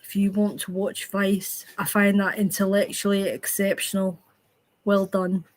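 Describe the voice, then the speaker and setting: Woman on a stream panel, sweary, loud, laughs a lot, middle pitch. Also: little pitch movement, unhurried, poor audio. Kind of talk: casual livestream chat.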